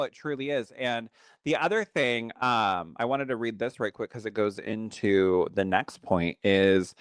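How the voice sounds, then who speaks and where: Male podcast co-host: smooth, clear mid-range voice, dry close sound, chatty and animated storytelling. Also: lowish voice, no room sound. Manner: animated, chatty storytelling, reads viewer comments aloud. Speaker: psychic medium and co-host. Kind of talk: casual podcast chat.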